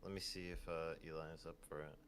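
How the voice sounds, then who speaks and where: A man's voice: a bass voice, little pitch movement, quick pace, fairly bright tone, slight background noise. A man in casual late-night chat with a friend, giving short, easygoing replies.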